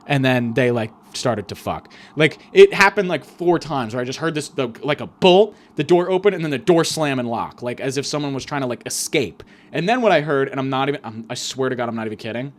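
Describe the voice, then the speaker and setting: A man's voice: mid-range voice, brisk, few pauses. A young man telling a crude, rambling comic story as a podcast host.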